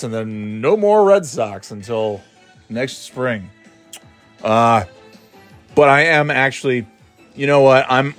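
Male solo podcaster, casual rambling chat, mid-pitched, offhand, sighs between thoughts. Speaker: podcast host. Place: at home.

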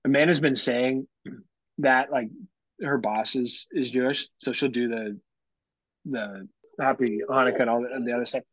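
A husky-voiced man in his thirties chats as a podcast co-host and tells his stories with lively acted quotes. His voice is close and dry, and the recording has a dull, lo-fi sound. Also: mid-range voice, moderate pace, no room sound. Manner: animated storyteller, acts out quotes. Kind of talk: casual chat.

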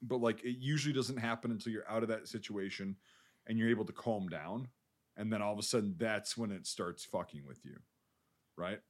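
A man's voice: fairly low pitch, brisk. A man co-hosting a podcast, rambling through a casual film discussion with lots of fillers and swearing. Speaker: podcast co-host.

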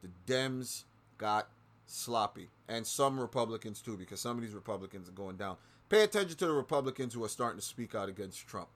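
A man with lively intonation and a slightly fast delivery hosts his show and goes on an angry, expletive-filled political rant. He repeats lines for effect and swings from soft muttering to sudden loud bursts.

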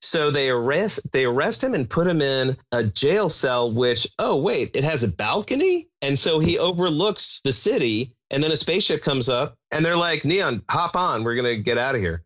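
A man's voice: a little high, very animated, moderate pace, few pauses, fairly bright tone. A man, a film critic, gives a sardonic casual review, laughing often, over a muffled lo-fi remote line.

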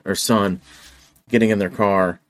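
A man co-hosting a casual podcast chat, retelling movie scenes with animated voices. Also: fairly low pitch, unhurried, no echo. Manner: animated storyteller acting out film lines. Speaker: podcast co-host.

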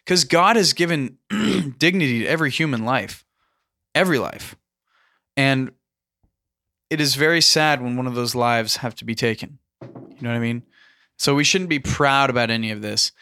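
Earnest man, halting delivery with restarts, bright sound. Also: mid-range voice. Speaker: podcast host. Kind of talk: casual discussion.

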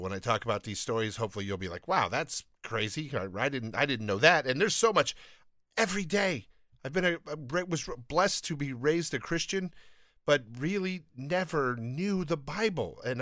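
A man with a bright, fairly high voice hosts a Bible podcast in a casual, earnest way. He is eager and self-deprecating, and he often trips over his words and starts sentences again. His voice sounds close and dry, with no room echo. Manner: earnest, enthusiastic, self-deprecating, many restarts. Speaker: podcast host. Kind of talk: casual Bible podcast talk and scripture reading.

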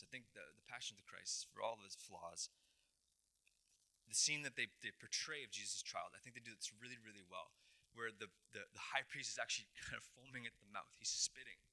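Bright-voiced man preaching a sermon. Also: mid-range voice. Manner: dramatic retelling with acted quotes, emphatic repetitions. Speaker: pastor.

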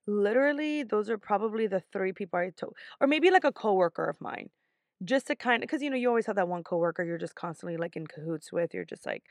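A woman's voice: mid-range voice, dry recording, studio quality. A woman hosting a podcast, telling a personal story in a casual, candid way, swearing freely and laughing often. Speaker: podcast host.

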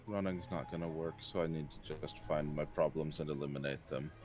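An extremely deep-voiced man speaks grimly and deliberately as his character in a tabletop game. Guitar music plays clearly behind him. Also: steady tone. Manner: grim, resolute, deliberate. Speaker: player. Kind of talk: in-character role-play.

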